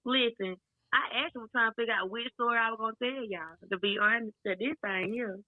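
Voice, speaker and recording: A woman calling into a casual chat, telling a story in a relaxed, rambling way over a phone line. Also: a little high, fast, no room sound. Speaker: guest calling in.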